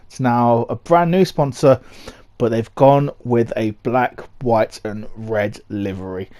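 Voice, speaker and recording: A young man talks through his motorsport rankings in a loose, rambling vlog style. He keeps circling back with fillers and restarts as he weighs each choice. His voice sits at an ordinary middle pitch. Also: darkish tone. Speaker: motorsport vlogger. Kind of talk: casual commentary ranking car designs.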